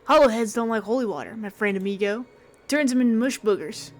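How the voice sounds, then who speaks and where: A woman's voice: fairly high pitch, brisk, faint music behind, close to an everyday voice. Brief: woman playing a chill surfer priest in a mystery game, upbeat, full of dude and bro slang. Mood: stoked.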